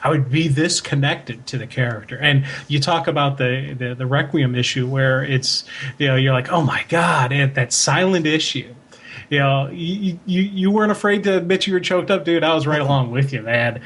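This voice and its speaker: A man co-hosting a comics podcast, talking in casual chat with emotional, animated storytelling. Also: a little high, normal speed. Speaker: podcast co-host.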